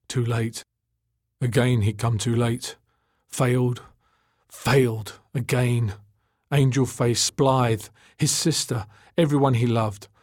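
A man narrating an audiobook in a measured, dramatic storytelling manner. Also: medium pitch, darkish tone, no echo, studio quality.

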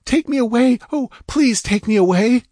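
A man's voice: very high voice, normal speed, mellow, breathy edge, no echo, clean studio sound, voice pushed up. A man voicing a terrified young female dancer who pleads and stammers hysterically, in an audiobook. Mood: frightened.

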